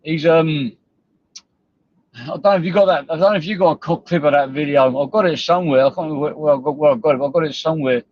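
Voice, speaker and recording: A man's voice: on the high side, fast, no room sound, highs cut off. Sweary man ranting on a livestream. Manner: sweary, confrontational, rambling. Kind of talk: livestream rant.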